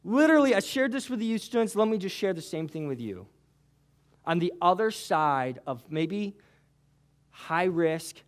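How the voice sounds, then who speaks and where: A male pastor giving a sermon in a casual, conversational way, telling the story with lively asides. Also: high voice, moderate pace.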